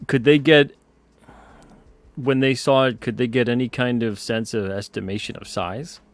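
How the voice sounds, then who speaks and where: A man's voice: mid-range voice, steady tone, moderate pace, no echo, faint music behind. A man calling into a casual chat show who sounds skeptical and asks follow-up questions.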